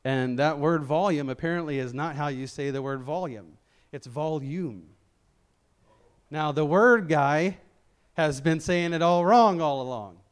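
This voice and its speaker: A man's voice: on the high side, normal speed, clear, resonant tone. A middle-aged man from Memphis, Tennessee, preaching a sermon with no regional accent, in a conversational, self-deprecating way with frequent restarts. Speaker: lay preacher.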